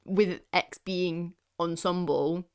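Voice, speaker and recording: A young woman from the UK co-hosts a casual film podcast. Her voice sits a little low, and she talks eagerly, with bursts of excitement. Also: takes it slowly, clean tone. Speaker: podcast co-host. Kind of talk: casual chat.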